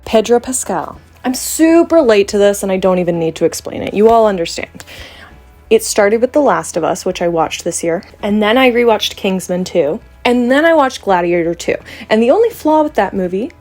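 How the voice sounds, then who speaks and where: A woman's voice: medium pitch, expressive, normal speed, darkish tone, faint music behind. A young woman from Canada, a vlogger chatting playfully to camera with joking asides. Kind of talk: casual chat to camera.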